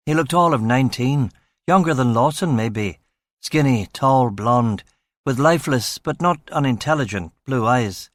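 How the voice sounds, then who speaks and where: A man reading a crime novel in the first person, in a measured, dry, matter-of-fact way. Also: medium pitch, expressive, no room sound. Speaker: audiobook narrator. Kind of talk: scripted first-person audiobook narration.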